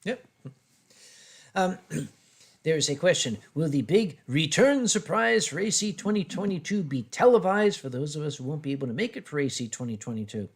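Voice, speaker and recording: A man's voice: fairly high pitch, lively intonation, moderate pace, husky. A man hosting a casual drinking stream, reading out viewer questions and giving short, dry answers. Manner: dry, clipped replies, reads viewer questions. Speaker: host.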